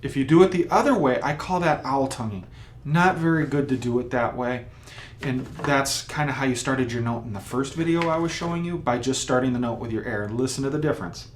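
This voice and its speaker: A man's voice: mid-range voice, brisk, a little hiss or hum. Patient male trumpet teacher explaining steps. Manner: patient, step-by-step explaining with spoken demonstrations. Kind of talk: instructional video lesson.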